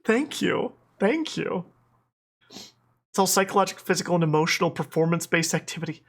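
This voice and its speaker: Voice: mid-range voice, animated, brisk. Rambling Minnesotan-accented stream host. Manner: rambling, many fillers and restarts, laughs often. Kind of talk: casual livestream chat.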